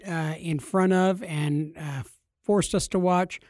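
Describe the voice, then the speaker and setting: A man's voice: high-pitched, steady tone, slow pace, darkish tone, dry recording, clean studio sound. A man co-hosting a casual podcast, joking and bantering. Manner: jokey, laughing banter. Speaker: podcast co-host.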